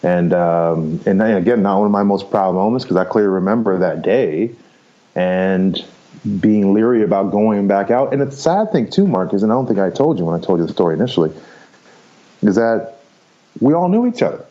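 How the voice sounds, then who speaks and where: Over dull audio, a lowish male voice with lively intonation moves at a moderate pace. The man, in his fifties, is a podcast guest in a candid storytelling interview, recounting his life frankly and loosely while swearing and laughing easily.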